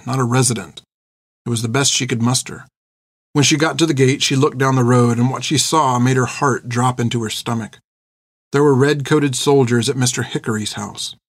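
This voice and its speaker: Reading an audiobook, a man keeps a steady, measured delivery in a mid-range voice. It's studio quality, with no room sound at all.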